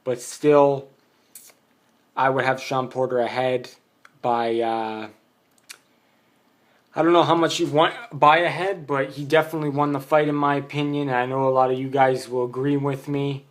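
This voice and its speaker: Dude vlogging about a fight, pretty flat voice, blunt, lots of uh and um. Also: male voice, mid-range voice, moderate pace, pauses often. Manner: blunt, opinionated, rambling with many fillers. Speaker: boxing vlogger. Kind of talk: casual opinion monologue.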